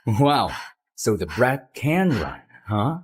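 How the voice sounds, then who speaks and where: A man voicing a sarcastic, guarded young man in an animated story, teasing in a dry drawl. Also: medium pitch, slow, breathy edge, heavily acted.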